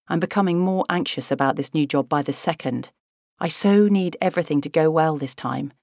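A woman narrates a novel in the first person, measured and expressive. Her voice sits low, and the studio sound is close and dry with no room at all. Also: dry recording. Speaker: audiobook narrator. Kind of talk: scripted audiobook narration.

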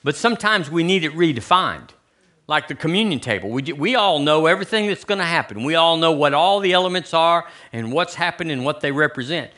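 Man, pastor, sermon, conversational preaching, fairly high voice, very animated. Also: brisk. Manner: conversational preaching, rhetorical questions to the congregation. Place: church sanctuary.

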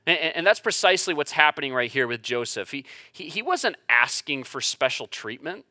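A man in his thirties gives a sermon in a bright, forceful voice that sits a little high. He talks conversationally, stumbling over word starts and building to emphatic peaks. The sound is dry and close, with no room around it. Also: big pitch swings, fairly quick, dry recording. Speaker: pastor. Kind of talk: sermon with personal stories.

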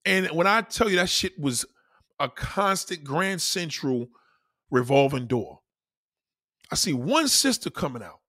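A young man with a New York accent rants in a blunt, profane way, driving his points home by saying them again and again. His voice sits a little high and has a bright, forceful edge. The sound is dry and close, with no room around it. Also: very animated, a little slow, pauses often, no echo. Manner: blunt, profane, emphatic with repetition. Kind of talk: casual rant.

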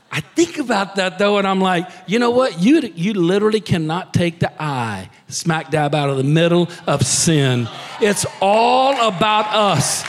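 A man preaching a sermon as pastor, dropping to soft near-whispers and building to shouted emphasis. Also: high voice. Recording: long hall reverb.

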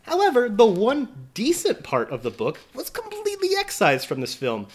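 A man's voice: very high-pitched, huge pitch swings, normal speed. A man co-hosting a casual film review chat, blunt and profane, ranting about a movie he dislikes. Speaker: podcast co-host.

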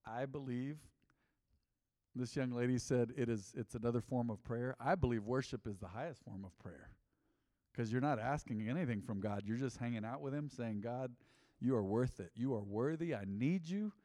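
A man as pastor, preaching a lively interactive sermon, joking with the congregation and repeating their answers. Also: medium pitch, normal speed, dry recording, studio quality, big-room sound.

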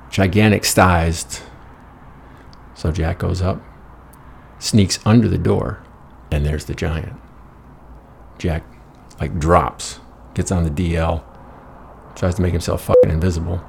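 Deep gravelly profane comic storyteller. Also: male voice, slight background noise. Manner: crude, rambling, profane. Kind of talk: profane comic fairy tale narration.

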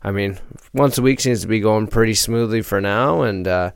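A man's voice: fairly low pitch, moderate pace, vocal fry, clean tone, dry recording, clean studio sound. A man co-hosting a casual hockey podcast, laid-back and jokey, laughing often. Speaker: podcast co-host.

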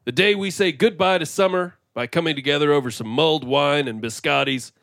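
A man's voice: a little high, brisk, creaky, fairly bright tone, no echo, studio quality. A man playing Big Al, an earnest, eager straight man in a comedy podcast sketch.

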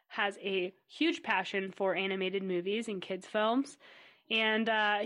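A woman's voice: mid-range voice, a bit bright. A woman hosting a casual podcast, upbeat and steering the conversation. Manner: upbeat, guiding. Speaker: podcast host.

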